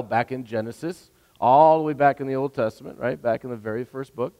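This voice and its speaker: A man giving a sermon as a pastor, animated and conversational, often checking in with "right?". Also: mid-range voice, a little fast. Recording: long hall reverb.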